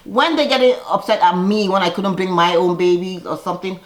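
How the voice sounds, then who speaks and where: A woman's voice: fairly low pitch, brisk, hardly any pauses, echoey room. A woman casually recapping a reality TV episode, chatty and sassy, laughing often and acting out quoted lines.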